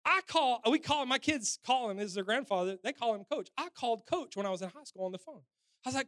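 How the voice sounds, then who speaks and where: A man in his forties, a pastor telling a personal story in a sermon, animated and swinging between loud and soft. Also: very high-pitched, quick pace, no echo.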